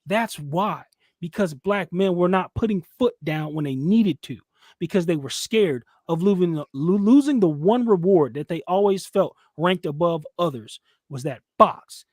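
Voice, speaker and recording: Emphatic high-voiced man ranting on a podcast. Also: lively intonation, normal speed, a little mellow, no room sound, clean studio sound. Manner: preachy, emphatic, mocks others in high put-on voices. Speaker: channel host. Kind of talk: heated commentary chat.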